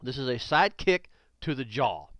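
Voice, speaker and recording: A man's voice: medium pitch, very animated, normal speed, fairly bright tone, dry recording. A man narrating a karate instruction video, blunt and emphatic, repeating warnings and punctuating with exclamations.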